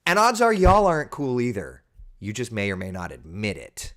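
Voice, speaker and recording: Animated man in his thirties, casual chat. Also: medium pitch, normal speed. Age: 30s. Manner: animated, exaggerated incredulous asides. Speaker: weather host. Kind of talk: casual livestream chat reading viewer comments.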